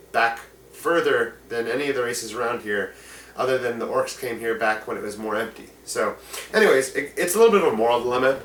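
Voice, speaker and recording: A man's voice: mid-range voice, fairly bright tone. A man who is a game master, giving tabletop game tips in a rambling, enthusiastic way with many fillers. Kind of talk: casual instructional talk. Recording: echoey room, mic at a distance, faint noise.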